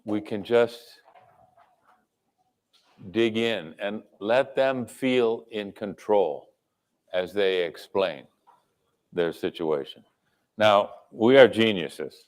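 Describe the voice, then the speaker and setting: A man's voice: fairly low pitch, slow pace, long pauses. A man presenting at a company kickoff, giving a sales training talk to an audience, repeating his words and checking in with "okay?".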